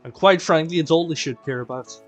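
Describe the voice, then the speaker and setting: A man's voice: on the high side, quick pace. A man hosting a live stream, chatting playfully with his viewers. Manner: animated and playful, addressing chat as "people". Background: faint game music.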